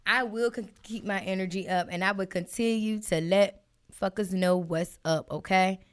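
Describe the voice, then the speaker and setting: A woman's voice: medium pitch, normal speed, clear, resonant tone. A woman hosting her podcast, ranting casually and animatedly to her listeners. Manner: animated, talks straight to listeners with many asides. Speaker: podcast host. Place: home setup with listeners joining a live stream.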